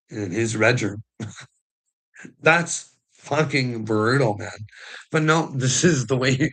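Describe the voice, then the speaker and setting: A man's voice: medium pitch, slightly rough, low-quality recording. A middle-aged man ranting casually on a livestream, swearing, rambling and laughing often. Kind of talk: casual live rant.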